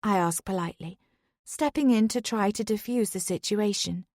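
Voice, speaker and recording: A woman reading a first-person thriller audiobook in a steady, even way. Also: mid-range voice, normal speed, no echo, studio quality. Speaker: audiobook narrator.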